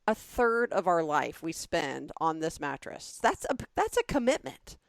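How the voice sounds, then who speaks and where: A woman in her forties chatting on a podcast, with a low, gravelly voice. She talks in a chatty, self-deprecating way and throws in animated asides. The sound is close and dry, with no room around it. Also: a little slow, no room sound. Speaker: podcast co-host. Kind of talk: casual chat.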